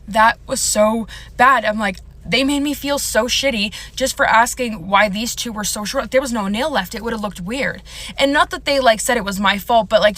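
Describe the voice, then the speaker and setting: A woman's voice: mid-range voice, fairly bright tone. A woman telling a rambling storytime vlog, emotional and choked up, close to tears. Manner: rambling, filler-heavy, emotional.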